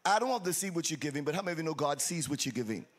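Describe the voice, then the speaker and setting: A pastor delivers a lively sermon in a church sanctuary, calling out to his congregation in an exuberant, teasing, sing-song way and drawing call-and-response. His voice is a little high and rapid-fire, with a faint crowd of churchgoers in the background.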